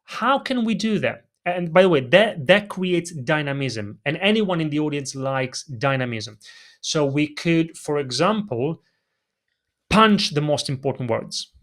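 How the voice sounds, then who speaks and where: A man's voice: fairly high pitch, unhurried. A man with a non-native English accent, a presentation coach answering interview questions on a video call and acting out vocal emphasis as he explains it. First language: not English. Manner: animated, demonstrates vocal emphasis. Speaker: presentation coach, podcast guest.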